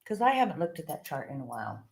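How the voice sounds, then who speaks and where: A woman's voice: low-pitched, very animated, fast talker, darkish tone, slight background noise. A woman co-hosting a live stream in casual chat, chatty and giggly, often repeating herself. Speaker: co-host.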